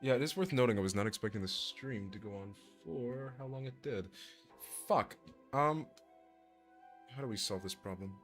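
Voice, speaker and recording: A man's voice: medium pitch, lively intonation, moderate pace, fairly bright tone, faint music behind. A man streaming as a voice actor, chatting casually, joking and rambling and swearing freely. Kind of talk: casual livestream chat.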